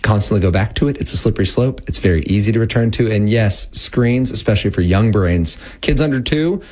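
Earnest man with a low voice. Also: brisk, a little mellow. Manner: earnest, explanatory. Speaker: guest, Christian tech educator. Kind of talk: interview conversation.

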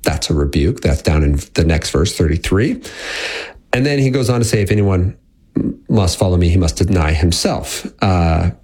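A man's voice: low-pitched, lively intonation, normal speed, darkish tone, breathy edge. A man in his thirties preaching a sermon in a casual, conversational way with frequent fillers. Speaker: pastor.

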